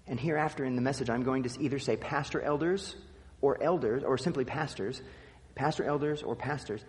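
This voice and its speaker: A man's voice: a little high, darkish tone, long reverb tail. A man preaching a sermon, teaching with emphatic repetition and dry asides. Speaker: pastor.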